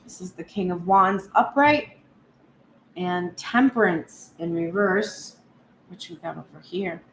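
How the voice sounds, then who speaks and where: A woman's voice: lowish voice, slow, fairly bright tone. Woman tarot reader, channeled first-person reading, intense, echoey room. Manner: heated, speaks in first person as the partner. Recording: roomy echo, faint background hum.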